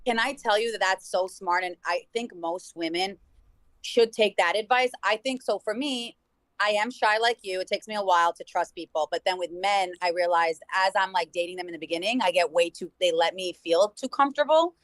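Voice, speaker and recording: A woman's voice: mid-range voice, a little fast, fairly bright tone, no room sound, poor audio. A woman guest on a podcast, talking earnestly and at length in casual conversation. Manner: earnest, eager, rambling. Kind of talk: casual chat over a call.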